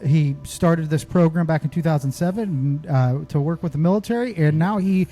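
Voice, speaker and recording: High mellow-voiced podcast co-host. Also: male voice, normal speed, faint music behind. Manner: rambling, many restarts and fillers. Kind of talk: casual podcast chat.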